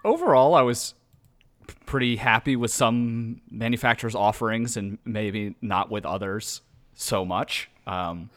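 A man's voice: fairly low pitch, measured pace, fairly bright tone. A man co-hosting a casual podcast, rambling and joking with loose, profane asides. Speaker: podcast co-host.

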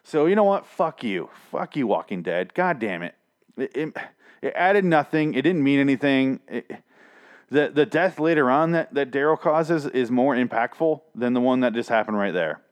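A young man with a voice going hoarse gives a profane, rambling, exasperated recap of a TV episode. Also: medium pitch, animated, moderate pace. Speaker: show recapper. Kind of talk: casual ranting recap.

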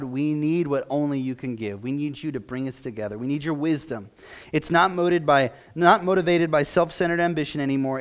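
A male pastor preaching a sermon in a church, emotional and close to tears as he prays aloud. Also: mid-range voice. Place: church sanctuary.

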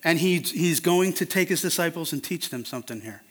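A man's voice: fairly high pitch, lively intonation, brisk, fairly bright tone. A man preaching an earnest, conversational sermon that turns emphatic at times.

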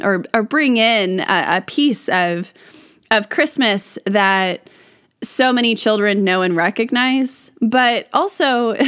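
A woman's voice: on the high side, fairly bright tone, clear, resonant tone. Rambling woman podcast host. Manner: rambling, many restarts and fillers, laughs often. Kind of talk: casual solo monologue.

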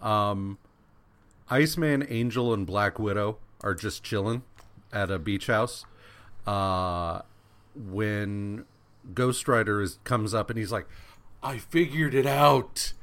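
A man's voice: on the low side, slow pace, fairly bright tone. A man co-hosting a podcast, wryly recapping a comic book in casual chat, with fillers and acted-out quotes. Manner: casual, wry, acts out quotes with many fillers. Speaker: podcast co-host.

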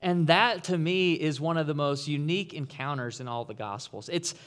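A man preaching an Easter sermon in a conversational, animated way, acting out the people he quotes. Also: on the high side, normal speed, clear, resonant tone. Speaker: pastor.

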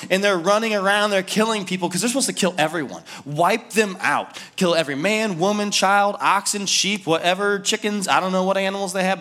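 A man's voice: high voice, pushed and bright. A male pastor preaching a sermon in a casual, conversational way, with frequent fillers.

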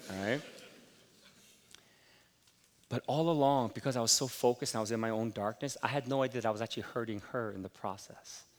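A middle-aged man preaching a sermon, telling candid, self-deprecating stories about his own week. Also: mid-range voice. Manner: candid, self-deprecating storytelling, rising animated. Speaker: pastor. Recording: long hall reverb.

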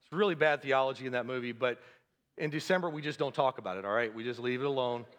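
A man's voice: mid-range voice, fast, a bit bright, in a large hall. A male pastor preaching a sermon, building to fervent, emphatic passages and easing back to a conversational tone with the congregation.

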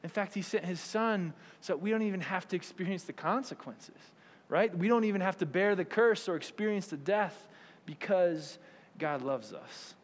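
A man's voice: high-pitched, normal speed. A man preaching a conversational sermon, often asking "right?" and acting out quoted voices. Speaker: pastor. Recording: long hall reverb.

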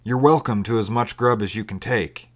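A man voicing a gruff but kind fisherman who talks bluntly and roughly. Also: lowish voice, normal speed, lightly acted.

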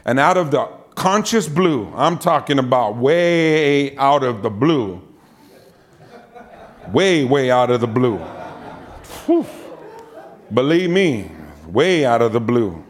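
A man's voice: mid-range voice, a little slow. A man preaching and telling a personal story, acting out the voices he quotes and often saying "amen.". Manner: animated, acts out quoted voices, frequent "amen". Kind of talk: storytelling sermon.

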